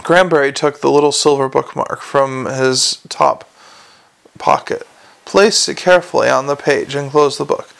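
Gravelly male audiobook narrator. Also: mid-range voice, moderate pace, fairly bright tone. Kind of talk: scripted narration.

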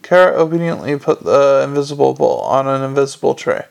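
Gravelly male audiobook narrator. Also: medium pitch, animated. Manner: measured storytelling, shifting voice between characters. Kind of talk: narrated novel with voiced dialogue.

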